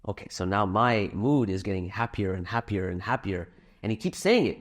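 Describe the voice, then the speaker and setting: A man's voice: medium pitch, very animated, normal speed, a bit bright. A middle-aged man addresses a live audience in a hall, with a mid-range voice. He speaks conversationally, mixing personal anecdotes and light laughs into a fundraising appeal. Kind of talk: live religious talk and donation appeal.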